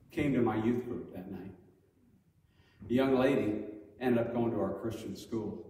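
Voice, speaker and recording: Middle-aged male preacher, storytelling sermon, animated, distant mic in a roomy church hall. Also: fairly low pitch, a little hiss or hum. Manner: animated, acts out quoted voices loudly. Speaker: Sunday school teacher. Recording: echoey hall from far off.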